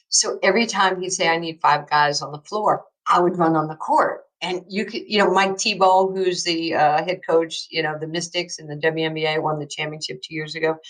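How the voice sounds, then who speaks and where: A woman in her sixties telling lively stories as an interview guest, acting out what others said and laughing often. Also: fairly low pitch, rough recording. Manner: animated storyteller, acts out quotes, laughs often. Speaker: interview guest, basketball coach. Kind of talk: casual storytelling interview.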